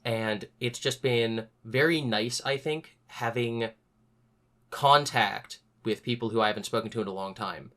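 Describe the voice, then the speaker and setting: A young man hosting a podcast, telling a story in a casual, animated way and acting out other people's lines. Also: mid-range voice, unhurried. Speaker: podcast host.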